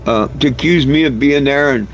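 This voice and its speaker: A man's voice: mid-range voice, a little fast, slight background noise, low-quality recording. A man vlogging outdoors by his bus in a casual, hesitant way, drawn out with fillers and repeated words. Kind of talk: casual rambling vlog talk. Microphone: camera he handles himself.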